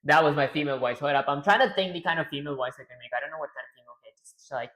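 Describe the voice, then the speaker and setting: A man's voice: a little high, rapid-fire, bright, forceful tone. A man hosting a programming livestream, chatting casually, narrating his own steps and answering questions from the chat. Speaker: livestream host.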